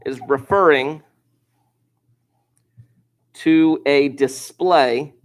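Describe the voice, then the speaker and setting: A man teaching a high school statistics class, casual and offhand, who slows down and repeats key points for emphasis. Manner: informal, offhand asides. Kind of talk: classroom lecture.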